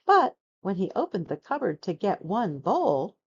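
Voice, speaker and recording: A woman reading a children's picture book aloud, narrating with expressive, dramatic storytelling. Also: medium pitch, measured pace, breathy edge, muffled recording.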